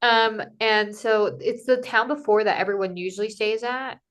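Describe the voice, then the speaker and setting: A woman tells a story in easy, casual conversation at a mid-range pitch. She is animated and jumps into the voices of the people she quotes, with plenty of "like" between her phrases. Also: normal speed. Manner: animated, acts out quoted dialogue, many "like" fillers. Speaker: podcast guest, Camino pilgrim.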